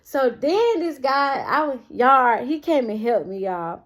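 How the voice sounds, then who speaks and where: A young woman telling a storytime vlog, animated and constantly addressing her viewers directly. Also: high voice, a little slow. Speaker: vlogger.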